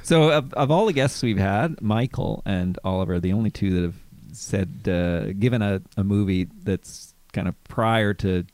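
A man's voice: fairly low pitch, moderate pace, a little mellow, no room sound. A man hosting a podcast as a law professor, chatting casually with stammering restarts. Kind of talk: casual chat.

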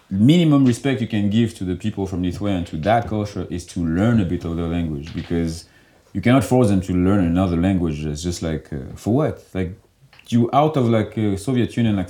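A young man talking casually in an interview, loose and animated, and he fills his speech with "like.". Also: sits low. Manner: loose and animated, heavy filler "like". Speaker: guest.

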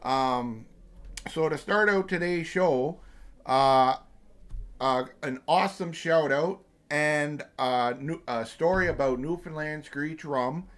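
A man's voice: a little high, slow, a bit bright. A man in his thirties hosting a podcast, chatting casually with lots of ums and uhs and the odd swear. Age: 30s. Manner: rambling, profane, many fillers. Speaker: podcast host. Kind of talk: casual chat.

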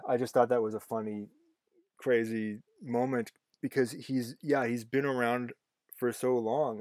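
A man hosts a casual podcast conversation. His voice sits at an ordinary pitch, and he meanders through his thoughts with plenty of "um"s and restarts. The sound is dry and close, with no room in it. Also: a little mellow, no echo. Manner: rambling, many fillers and restarts. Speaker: podcast host.

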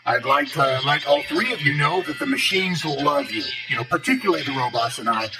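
A man voicing a friendly, chatty male robot with an English accent, rambling and giggling over a loud music bed. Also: a little high, fairly quick, natural voice. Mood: cheery.

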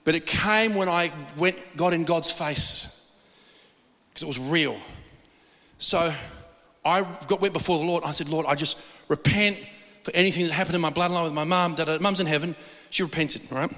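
Bright-voiced, high preacher. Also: male voice, normal speed, long reverb tail. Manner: animated storytelling with acted-out quotes and laughs. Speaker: pastor. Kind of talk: sermon.

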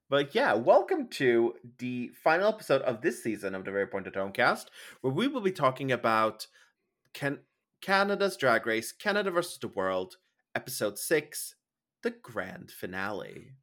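A man's voice: medium pitch, sing-song, moderate pace, a bit bright. A young man co-hosting a podcast, trading sassy, campy jabs in casual banter. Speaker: podcast co-host.

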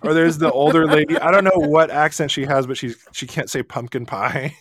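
A man's voice: on the high side, fairly even intonation, a bit bright, dry recording, clean studio sound. A man hosting a live chat show, playful and enthusiastic, calling on listeners. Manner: enthusiastic, playful, drawn-out announcements. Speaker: show host.

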